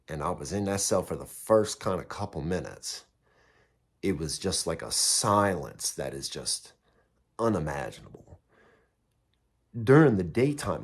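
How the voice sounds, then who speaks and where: A man's voice: low voice, husky. A man telling a story in a casual way, blunt and heavily profane, and mocking himself. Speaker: vlogger recounting prison time.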